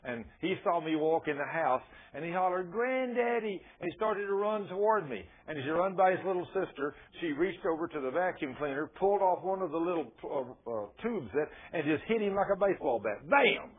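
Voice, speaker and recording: Older pastor, folksy and husky. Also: male voice, sits high. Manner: folksy storytelling with rhetorical questions. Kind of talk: sermon. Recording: tinny lo-fi radio broadcast.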